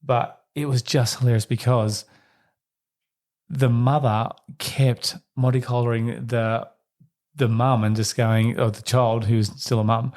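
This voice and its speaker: A man hosts a solo parenting podcast, speaking to listeners in a reflective, conversational way and acting out quoted voices at a higher pitch. His voice is level in tone, a little slow, and a little mellow.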